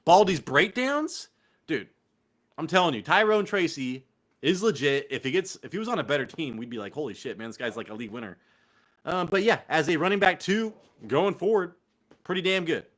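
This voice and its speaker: A man's voice: high voice, lively intonation, normal speed, a bit bright. A young man with a Californian accent, hosting a casual fantasy football show with loose, profane, laughing banter. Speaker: podcast host.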